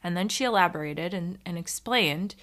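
A woman's voice: on the low side, normal speed, fairly bright tone. A woman hosting a podcast on her own, chatting casually in a rambling, self-mocking way with some swearing. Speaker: podcast host. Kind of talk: casual solo podcast chat.

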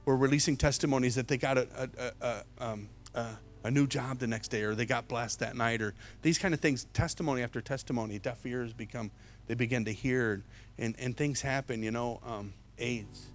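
A middle-aged man preaching an evangelist's sermon in the voice of a storyteller. His voice sits at an ordinary pitch, and his repeated words and restarts make it sound off the cuff. Soft music runs beneath him. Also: a little fast. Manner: storytelling preacher, swings from loud to hushed.

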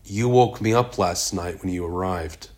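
Man doing a deep-voiced bearded oracle, middle-aged, calm, terse, unhurried, storybook reading.

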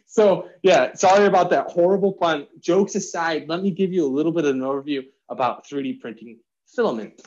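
A man's voice: a little high, fairly quick, hardly any pauses, a little mellow. Young guy cohosting a podcast, cracks puns, laughs a lot, audio a bit muffled. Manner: jokey, laughs often, explains with puns. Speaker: podcast co-host. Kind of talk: casual podcast chat. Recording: slightly dull lo-fi sound.

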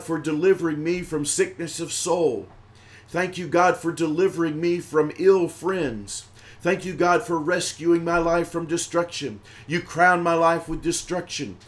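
A man preaching a livestreamed praise and thanksgiving sermon, his voice sitting a little high. He talks in rhythmic, repeated exhortations and grows louder on the lines of praise.

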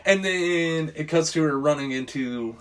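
A man's voice: fairly high pitch, measured pace, over a noisy crowd. A man in casual chat, recapping a film plot in a rambling way, swearing freely. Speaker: podcast co-host recapping a film.

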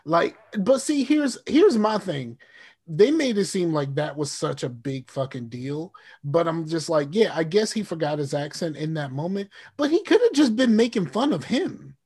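A man's voice: a little high, sing-song, moderate pace, darkish tone, breathy edge. A man co-hosting a casual TV recap podcast, rambling and profane, often restarting his sentences. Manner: rambling, profane, repeats himself. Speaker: podcast co-host.

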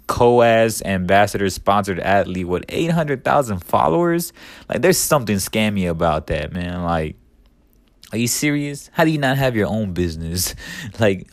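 A man's voice: mid-range voice, no echo. A man hosting a podcast in a casual, rambling monologue, profane and full of "like" and "man", with heated bursts of ranting. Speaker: podcast host.

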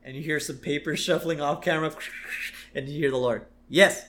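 A man's voice: fairly high pitch, steady tone, fairly quick. A man co-hosting a podcast, enthusiastic and giggly while recapping an episode in casual chat. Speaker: podcast co-host.

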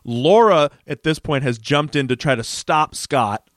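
A man's voice: on the high side, lively intonation, a little slow, no room sound, clean studio sound. A man co-hosting a podcast, chatting casually and gushing with laughing, swearing enthusiasm as he recaps an episode. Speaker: podcast co-host.

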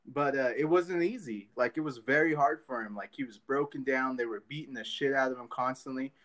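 A man's voice: medium pitch, a little fast, a bit bright. A man hosting a podcast in casual chat, rambling loosely with many fillers and swearing. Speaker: podcast host.

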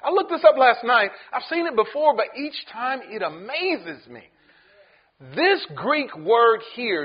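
A pastor preaching with a high, lively voice that swoops up and down. He acts out the people in the story as he goes. The recording sounds dull and lo-fi. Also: unhurried, slightly rough. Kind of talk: sermon.

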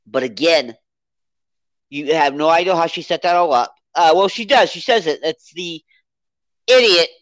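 A podcast co-host in a casual movie review chat, rambling and animated as they recount the plot. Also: mid-range voice, moderate pace, pauses often, no echo. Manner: rambling, animated, acts out character quotes.

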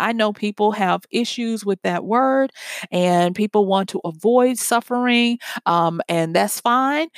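A woman's voice: mid-range voice, no echo. A woman giving an earnest, conversational motivational talk built on everyday examples.

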